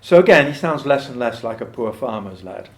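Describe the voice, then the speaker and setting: A man's voice: medium pitch, lively intonation, fairly quick. A man speaking at a folk club, explaining a poet's life with dry, joking asides and reciting a poem aloud. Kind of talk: talk with poetry recitation to a live audience.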